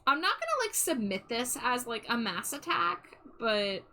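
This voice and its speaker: Bright-voiced woman chatting while she draws. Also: a little high, very animated, moderate pace, slight background noise, low-quality recording. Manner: chatty, self-deprecating, trailing off. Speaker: streamer. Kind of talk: casual live-stream chat while drawing.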